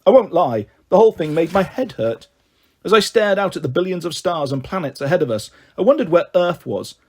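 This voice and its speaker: High-voiced man reading a children's story. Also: animated, fairly quick, slightly rough. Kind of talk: reading a children's book aloud.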